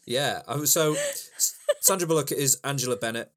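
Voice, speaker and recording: A man's voice: mid-range voice, expressive, normal speed, fairly bright tone. A man co-hosting a casual podcast about films, rambling with many ums and restarts. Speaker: podcast co-host. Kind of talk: casual film chat.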